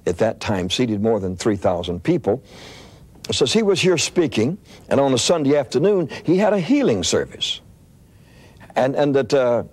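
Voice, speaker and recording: An older man preaching, telling a story in an animated, anecdotal way with frequent restarts. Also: mid-range voice, breathy edge. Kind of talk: storytelling sermon.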